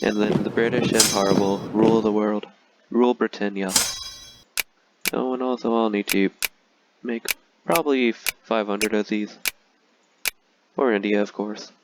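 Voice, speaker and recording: A man's voice: on the low side, steady tone, unhurried, pauses often, background noise. A man talking casually and sarcastically through a strategy game, with frequent filler words. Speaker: gaming video creator.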